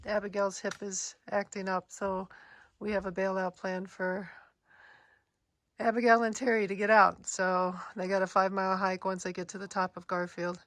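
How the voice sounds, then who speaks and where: A woman's voice: mid-range voice, little pitch movement, moderate pace, fairly bright tone, dry recording. A woman hiker talking casually to her camera outdoors on a rocky trail, chatty and plainspoken, sighing between thoughts. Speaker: long-distance hiker vlogger. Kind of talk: casual vlog talk to camera.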